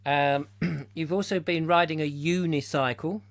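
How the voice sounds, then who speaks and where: A man's voice: fairly high pitch, fairly even intonation, a little slow. A man hosting a comic live chat show, rambling and silly in his banter. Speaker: host.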